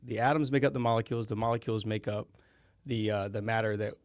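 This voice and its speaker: A man's voice: on the low side, steady tone, fast talker, no room sound. Rambling podcast guest, a man, dry sound. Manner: rambling, often corrects himself. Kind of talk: casual conversation.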